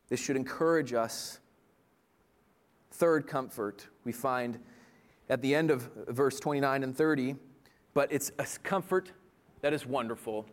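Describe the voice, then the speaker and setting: Earnest male preacher, slightly high voice. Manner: earnest, rising to impassioned pleading. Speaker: pastor. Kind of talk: sermon.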